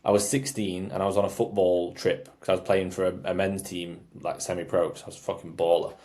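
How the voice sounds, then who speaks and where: A man's voice: low voice, flat delivery, fast talker, mellow. A young man telling drinking stories in casual podcast chat, swearing freely. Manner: swearing, storytelling, laddish. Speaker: podcast co-host.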